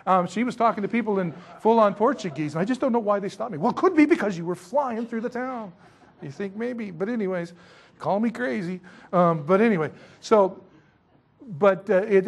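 A man's voice: high voice, husky. A middle-aged man preaching in a rambling, chatty way, with self-mocking asides. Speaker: pastor. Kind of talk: sermon with missionary stories.

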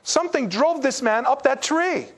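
High-voiced, joking male preacher. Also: normal speed. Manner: lively and joking, with sudden drops to low, quiet emphasis. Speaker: pastor. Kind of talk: sermon.

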